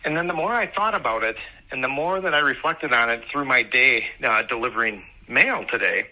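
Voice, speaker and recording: A young man talking casually about being a parent. He is sarcastic at first, then earnest, and tells lively anecdotes. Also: mid-range voice, a little fast. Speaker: parent sharing on a podcast. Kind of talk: casual personal storytelling. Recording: muffled lo-fi audio.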